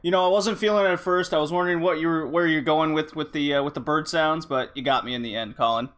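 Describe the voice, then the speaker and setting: A man's voice: fairly high pitch, fast talker, a bit bright. A man hosting a casual gaming podcast, talking loosely with many fillers. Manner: rambling, with frequent fillers. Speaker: podcast host.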